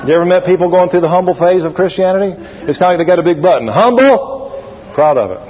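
A man preaching a sermon as pastor, animated and drawling, repeating phrases for emphasis. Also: sits high, very fast. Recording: lo-fi recording with long hall reverb.

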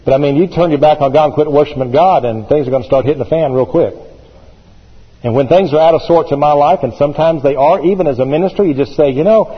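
Emphatic preacher in an echoing church. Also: male voice, on the high side, fast talker, breathy edge, muffled recording. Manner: emphatic, repeats phrases with rising intensity. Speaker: pastor. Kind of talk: sermon.

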